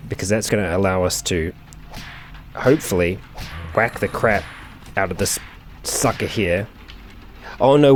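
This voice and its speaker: A man with a fairly low voice talks through a video game session as its host. He thinks out loud and leans on casual fillers as he plays. A faint hiss sits under the recording. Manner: chatty, thinking aloud, frequent fillers. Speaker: let's play host. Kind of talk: gameplay commentary.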